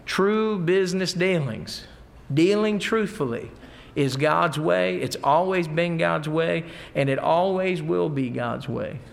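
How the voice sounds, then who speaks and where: A man's voice: fairly high pitch, slow, gravelly. A middle-aged man preaching a folksy sermon, mixing scripture with stories. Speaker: pastor.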